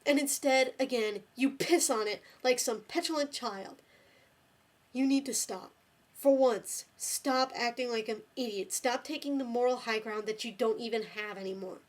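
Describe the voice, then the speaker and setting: A woman delivering an exasperated, scolding rant straight to the camera, swearing often. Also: a little high. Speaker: video blogger.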